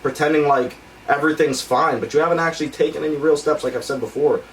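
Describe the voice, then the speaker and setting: Young man, slightly high voice, rambling frank talk, distant mic, faint noise. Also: steady tone, fast talker, reverberant. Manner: rambling, filler-heavy, frank. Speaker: podcast co-host. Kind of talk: casual chat.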